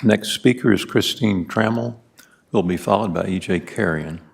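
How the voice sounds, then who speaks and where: Deep gravelly man calling speakers. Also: moderate pace. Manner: brief, formal. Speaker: meeting chair calling speakers. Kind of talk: procedural announcements.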